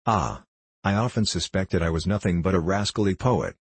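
A dreamy, absent-minded poet drifts through his lines slowly and plaintively, read by a man. The voice sits deep and husky. The recording is close and dry. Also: dry recording. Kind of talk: audiobook character reading.

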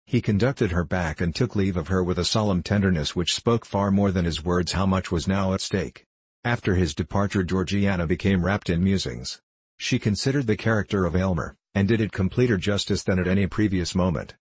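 A man narrating classic fiction in a measured, formal audiobook reading. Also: low-pitched, darkish tone, husky, no echo.

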